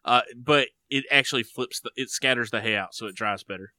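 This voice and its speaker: A man co-hosting a casual sports podcast, chatty and teasing, growing animated when excited. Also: mid-range voice, a little fast, no room sound. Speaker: podcast co-host.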